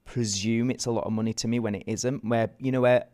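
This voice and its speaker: A man hosting a podcast, chatting in a relaxed, conversational way and sometimes acting out lines. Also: medium pitch, brisk. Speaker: podcast host. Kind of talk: casual chat.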